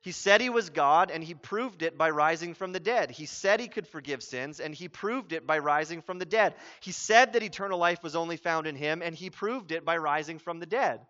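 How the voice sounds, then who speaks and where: Bright-voiced man preaching a casual sermon. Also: a little high, moderate pace, hardly any pauses, lo-fi sound. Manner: conversational, grows emphatic and loud when stressing points. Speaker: pastor.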